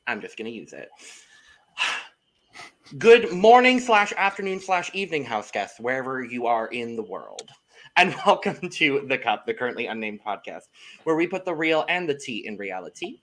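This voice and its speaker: A man's voice: mid-range voice, bright, forceful tone, poor audio. A man hosting a casual podcast panel, bubbly and dramatic, saying he is very caffeinated. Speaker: podcast host.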